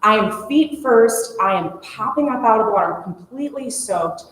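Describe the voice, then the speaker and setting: A woman in her forties telling a lively story to a conference audience, laughing as she goes. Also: fairly high pitch, moderate pace. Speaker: conference speaker. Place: conference room. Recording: echoey conference room, faint hum.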